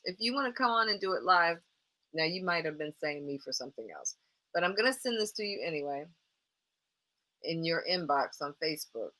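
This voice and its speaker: A woman leads a live motivational coaching broadcast. Her voice is bright and forceful. She speaks straight to her viewers and repeats phrases with energy to drive each point home. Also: fairly low pitch. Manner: encouraging and animated. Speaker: life coach hosting a live show.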